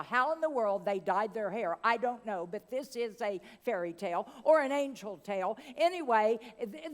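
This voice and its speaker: A woman preacher tells a fairy tale as a sermon, dramatically, with long pauses and chatty asides. Her voice sits fairly high and moves slowly, ringing in the long reverb of a church hall. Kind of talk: sermon storytelling.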